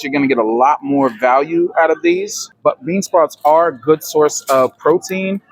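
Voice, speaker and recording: A man's voice: a little high, no room sound. A man vlogging as he walks through a supermarket, chatting and explaining prices to his viewers. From United States. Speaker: travel vlogger. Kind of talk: casual grocery-store walkthrough. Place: supermarket, indoors.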